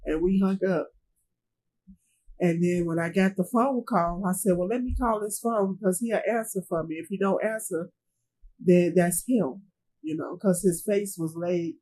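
A middle-aged woman, a grieving mother, recounting a painful loss in a halting way, repeating herself and trailing off. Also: on the low side, mellow, a little hiss or hum, poor audio. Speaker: grieving mother being interviewed. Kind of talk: emotional personal recounting.

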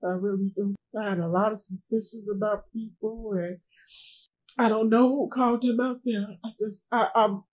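A middle-aged woman, a grieving mother, speaking in an interview in a halting way, often repeating herself and trailing off. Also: mid-range voice, fairly even intonation, darkish tone, low-quality recording. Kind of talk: emotional interview testimony.

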